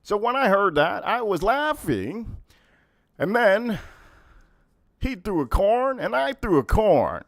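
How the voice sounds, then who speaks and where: A man hosting a casual livestream, telling stories in an animated, profane way. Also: sits high, takes it slowly, gravelly, long pauses, no room sound, studio quality. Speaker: livestream host.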